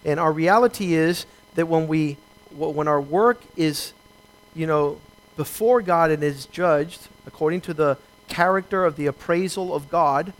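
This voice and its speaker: Man pastor, high-pitched voice, preaching with emphatic slowed phrases and scripture readings. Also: rough recording. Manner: preaching with emphatic slowdowns, quoting scripture and acting out dialogue. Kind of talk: sermon.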